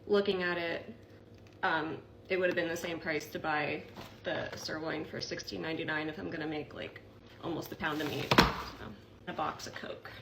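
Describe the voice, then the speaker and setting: A woman's voice: low-pitched, steady tone, normal speed. Exasperated woman ranting over noise. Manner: exasperated, sarcastic. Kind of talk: grocery haul rant. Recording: clear background noise.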